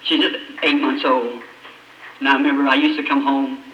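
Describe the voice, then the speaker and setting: A man preaching an emotional testimony, his voice breaking and climbing high, with long dramatic pauses. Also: steady tone, highs cut off. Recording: old echoey hall recording from a distance, faint hiss.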